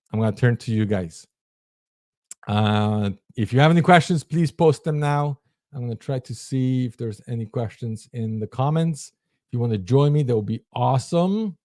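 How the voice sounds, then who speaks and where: A man's voice: mid-range voice, a little mellow, dry recording, clean studio sound. A man hosting a livestream, giving an emphatic, preachy motivational talk and acting out inner voices. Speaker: host.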